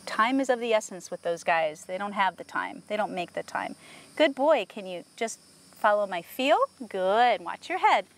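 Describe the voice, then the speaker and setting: A woman horse trainer working a horse outdoors, explaining to viewers and softly praising the horse as she goes. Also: mid-range voice, animated, moderate pace. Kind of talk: instructional training video.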